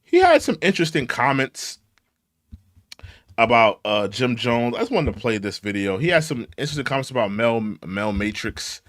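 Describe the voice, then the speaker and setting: A man hosting a commentary show, giving opinions in a mocking, animated way and repeating lines for emphasis. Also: medium pitch, moderate pace, no echo, studio quality. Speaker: host.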